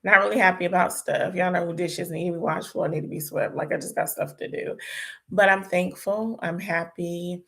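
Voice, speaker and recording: Gravelly-voiced woman hosting a chat. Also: fairly low pitch, steady tone, moderate pace, bright, forceful tone. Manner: chatty, prayerful, talks to viewers as y'all. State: voice sounds tired. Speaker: host. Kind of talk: casual live-stream chat.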